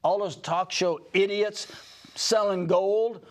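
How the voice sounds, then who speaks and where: A man's voice: sits high, steady tone. An older man co-hosting a radio talk show, arguing politics in an emphatic, mocking way and often cutting in. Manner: emphatic, mocking, quick to interrupt. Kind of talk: opinionated political banter.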